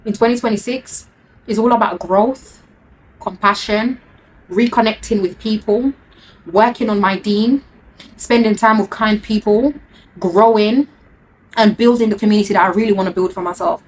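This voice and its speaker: A woman's voice: mid-range voice, moderate pace. Woman in her 30s, earnest heartfelt story time, faint hum behind her. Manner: earnest, heartfelt, repeats words for emphasis. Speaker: vlogger.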